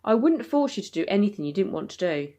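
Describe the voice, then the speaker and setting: Woman doing a dad who's on the defensive, earnest, pitched up a bit from her own low voice. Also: sing-song, fairly quick, husky. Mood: soothing. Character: defensive, pleading father.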